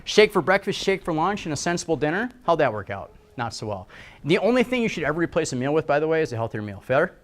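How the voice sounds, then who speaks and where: A middle-aged man gives a casual presentation to a live audience. His fairly high voice swings up and down a lot, and he keeps checking in with the room for agreement. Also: big pitch swings, fast. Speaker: health speaker.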